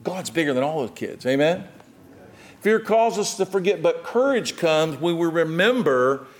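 A man preaching a sermon as pastor, animated, with dramatic swings in loudness and emphasis. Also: fairly high pitch, moderate pace.

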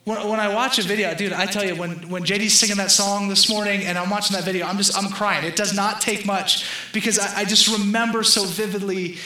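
A man's voice: high voice, steady tone, brisk, pushed and bright, roomy sound, poor audio. A young man preaching a sermon in a conversational style, joking with the congregation. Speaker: pastor.

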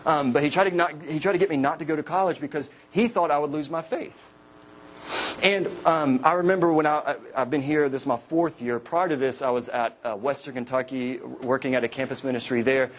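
A man in his thirties, a campus minister, preaching to college students with humorous personal stories and lively quoted voices. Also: on the high side, brisk, a little hiss or hum. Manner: joking storyteller, animated quoted voices.

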